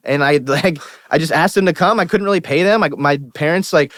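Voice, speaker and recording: A young man with a Pittsburgh accent, a musician guest telling stories on a podcast in an animated, profane way and acting out the people he quotes. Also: fairly high pitch, brisk, dry recording. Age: young adult. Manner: animated, profane, quotes himself and others in lively asides. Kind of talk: casual podcast storytelling. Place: podcast studio.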